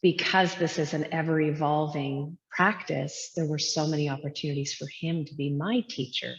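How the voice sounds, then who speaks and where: Interviewed casually in her yoga studio, a low-voiced woman yoga teacher talks earnestly and reflectively at normal speed in a steady tone, using frequent fillers. The lo-fi recording sounds dull, with long echoey reverb from the room.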